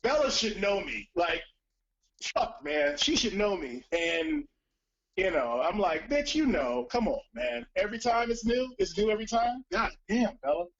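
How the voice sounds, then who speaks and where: A man casually telling a story on a live stream, profane and animated, acting out the voices of other people. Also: sits high, normal speed, highs cut off.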